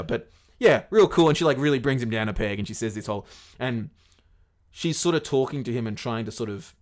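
A man's voice: on the low side, vocal fry. A man casually retelling a fairy tale to his podcast co-host, rambling and swearing along the way. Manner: rambling, swears often, many fillers.

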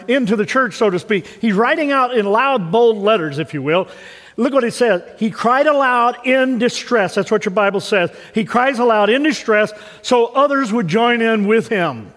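Male pastor, high voice, folksy storytelling sermon, church hall reverb. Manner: conversational preaching with folksy stories. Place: church sanctuary. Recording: long reverb of a large hall.

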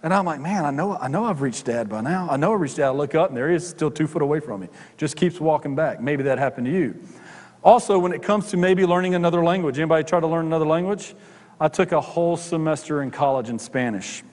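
A man's voice: a little high, fast talker, a little mellow. A middle-aged male pastor preaching a sermon, conversational, with joking asides to the congregation. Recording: long hall reverb.

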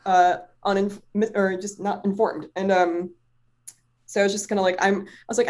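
A woman's voice: mid-range voice, level tone, normal speed, darkish tone. A woman chatting casually, telling a personal story in a rambling way, full of fillers and swearing, often laughing. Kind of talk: casual chat.

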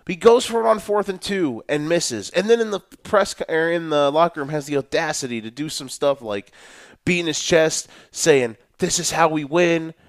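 A young man hosting a solo football talk show, ranting in an animated, profane way about coaches. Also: a little high, moderate pace, no room sound, clean studio sound. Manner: animated, profane, mocking coaches in a put-on boastful voice. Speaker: sports podcast host.

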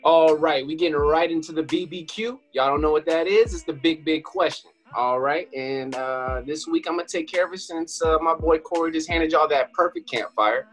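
A man's voice: on the high side, moderate pace, few pauses, soft background music. A young man co-hosting a podcast, laid back as he sets up a question segment in casual chat. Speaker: podcast co-host.

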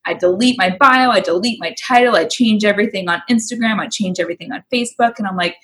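A woman's voice: mid-range voice, fairly quick. Frank, swearing woman co-host in casual chat. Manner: candid, swears freely, acts out her own excited thoughts. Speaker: podcast co-host.

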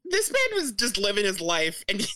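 A woman's voice: medium pitch, huge pitch swings, moderate pace, pushed and bright, no echo. A woman co-hosting a podcast, chatting enthusiastically and laughing often about a TV show. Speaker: podcast co-host. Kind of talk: casual chat about a TV show.

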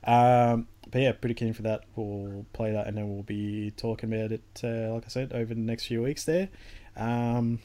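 A man's voice: medium pitch, flat delivery, moderate pace, warm tone. A man co-hosting a podcast, chatting casually about games in a laid-back, joking way with some swearing. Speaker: podcast co-host.

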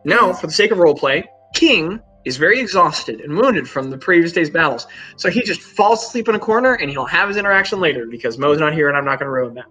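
A man's voice: fairly high pitch, animated, fast, few pauses, pushed and bright, soft background music, rough recording. A man running a tabletop game as game master, narrating casually with many fillers.

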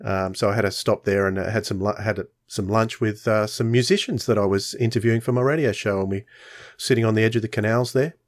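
Easygoing podcast host. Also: male voice, fairly low pitch, fairly even intonation, fast. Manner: friendly, easygoing with small hesitations. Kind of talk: casual chat.

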